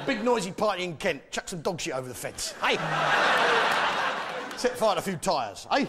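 Brash English stand-up comedian. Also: male voice, high-pitched, big pitch swings, a little slow, pauses often. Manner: brash, boastful, mock-patriotic. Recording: live stand-up with audience noise.

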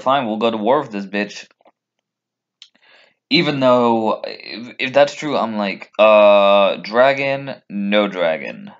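Profane, animated ranting man. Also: mid-range voice. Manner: animated, profane, mock voices for characters. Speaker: vlogger. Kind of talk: casual ranting commentary. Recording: dull lo-fi sound.

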